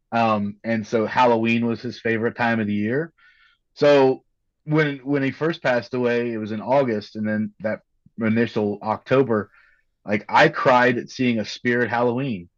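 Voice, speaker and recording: A man's voice: medium pitch, no room sound. Earnest man, dull dry audio. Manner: earnest, halting, repeats words. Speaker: podcast guest. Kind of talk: candid conversation.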